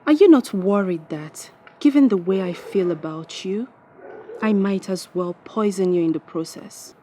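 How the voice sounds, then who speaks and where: An actress playing a jilted ex-wife turned caterer, speaking with a Nigerian accent in a defiant, scornful way. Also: female voice, mid-range voice, expressive, normal speed, warm tone, slight background noise, lightly acted. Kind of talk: film drama acting.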